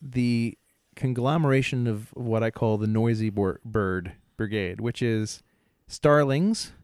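A man's voice: medium pitch, slow, a little mellow, no echo, studio quality. A man co-hosting a podcast, chatting casually and joking, laughing easily and mimicking sounds. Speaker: podcast co-host. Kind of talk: casual chat.

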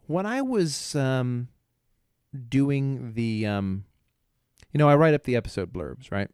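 Middle-aged male co-host, lively pitch, dry close sound, loose rambling delivery with lots of laughs. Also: slow pace, clear, resonant tone, no room sound. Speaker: podcast co-host. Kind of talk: casual chat.

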